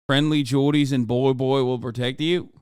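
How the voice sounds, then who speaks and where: A man's voice: mid-range voice, steady tone, normal speed, a little mellow, clean tone, no echo, clean studio sound. A man in his thirties ranting loosely and profanely as he reacts to the news on his livestream. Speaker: streamer. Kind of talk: casual livestream commentary.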